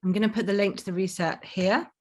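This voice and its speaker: A woman's voice: medium pitch, steady tone, fast talker, darkish tone. Woman co-host on a roomy call. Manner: brief, helpful asides. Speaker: webinar co-host. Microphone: video call. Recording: roomy, faintly noisy video-call audio.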